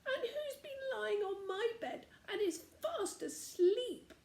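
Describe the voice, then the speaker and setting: A woman voicing a small baby bear cub in a children's storybook, squeaky and tearful. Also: lively intonation, takes it slowly, darkish tone, echoey room, exaggerated voice. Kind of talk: storybook reading.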